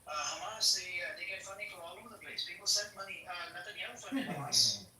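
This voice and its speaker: A man's voice: sits high, expressive, fast, far from the mic, crowd noise. A man in a heated political podcast debate, blunt and combative, swearing and talking over others. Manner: blunt, combative, profane, interrupts. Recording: echoey, off-mic with faint noise.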